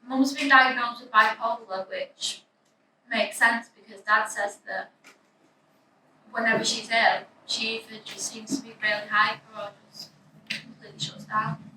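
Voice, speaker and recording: A woman's voice: on the high side, fairly even intonation, measured pace. A young woman narrating her own story in the first person, in an anxious, breathless, confessional way. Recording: echoey room, distant mic, faint noise.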